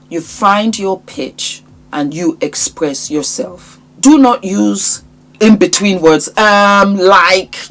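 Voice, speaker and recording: A middle-aged woman hosting her own channel, giving casual advice in an animated, emphatic way and repeating phrases for effect. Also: on the low side. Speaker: YouTube host, speaking coach.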